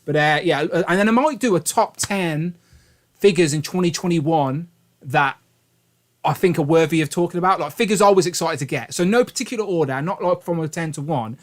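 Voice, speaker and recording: A man's voice: fairly high pitch, fairly quick. A man hosting a casual livestream, upbeat and rambling, laughing often. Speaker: livestream host.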